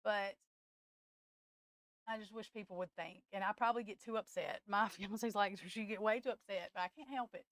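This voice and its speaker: A woman's voice: mid-range voice, fairly bright tone, no room sound. Impassioned woman on the verge of tears. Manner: impassioned, tearful, halting restarts, addresses viewers as y'all. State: close to tears. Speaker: tarot livestream host. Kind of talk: emotional live-stream chat.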